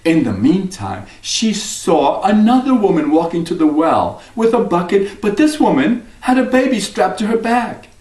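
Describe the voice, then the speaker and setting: A man telling a folk tale to listeners in an expressive storytelling style. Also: high-pitched, normal speed, few pauses. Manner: expressive, lively, sings refrains. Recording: roomy, mic at a distance.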